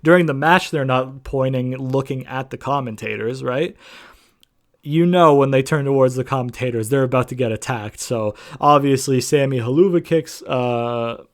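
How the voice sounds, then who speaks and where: A man's voice: mid-range voice, moderate pace. Casual rambling man recapping wrestling. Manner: rambling, lots of fillers, casual swearing. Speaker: wrestling show reviewer.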